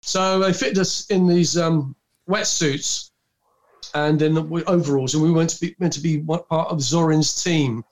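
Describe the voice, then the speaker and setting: Rambling older man, slightly high. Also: steady tone, normal speed. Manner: rambling, full of fillers and restarts. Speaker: guest recalling film work. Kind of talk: anecdotal storytelling.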